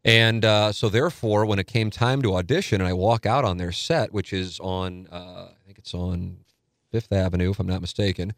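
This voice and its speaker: Low-voiced man from South St. Louis. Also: moderate pace, no room sound, clean studio sound. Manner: animated storyteller who acts out quotes. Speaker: sports radio co-host and guest. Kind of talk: casual storytelling interview.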